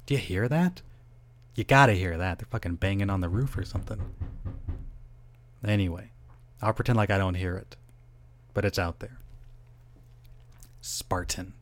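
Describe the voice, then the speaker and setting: A man's voice: low voice, moderate pace, long pauses. A middle-aged man hosting a solo podcast, rambling, interrupting himself and swearing casually. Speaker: podcast host.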